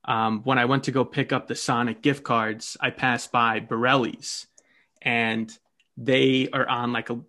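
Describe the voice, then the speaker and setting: A man co-hosting a casual podcast, talking in a rambling, halting way with many restarts. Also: medium pitch, fairly bright tone. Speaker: podcast co-host.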